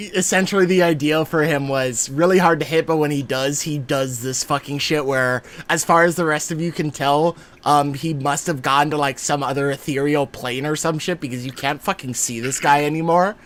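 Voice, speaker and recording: Bright-voiced man running a tabletop game. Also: fairly high pitch, moderate pace. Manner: joking, swears freely. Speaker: dungeon master. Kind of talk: casual game narration.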